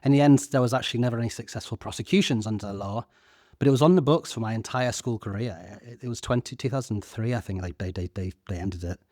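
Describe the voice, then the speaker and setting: A man's voice: mid-range voice, fast, mellow, dry recording, studio quality. A man in his thirties co-hosting a podcast, talking earnestly with a few stammered restarts. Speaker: podcast co-host. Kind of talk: casual discussion.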